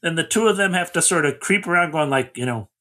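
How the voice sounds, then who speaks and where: A man's voice: fairly high pitch, lively intonation, fast, sharp tone. A man co-hosting a casual movie-review chat, rambling through plot recaps. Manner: rambling recaps, quotes characters. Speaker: podcast co-host.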